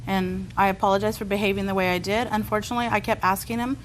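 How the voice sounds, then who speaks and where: A woman's voice: mid-range voice, steady tone, fast, slight background noise, poor audio. A woman testifying as a litigant on a courtroom show, explaining in a rush and apologizing.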